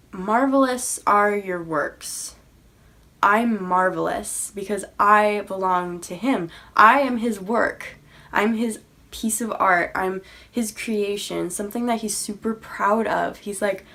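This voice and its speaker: A young woman talking sincerely to her viewers about faith and insecurity, in a casual way with many fillers. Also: mid-range voice. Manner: sincere, uses many fillers like "you know" and "like". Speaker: faith vlogger. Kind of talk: earnest encouraging talk to camera.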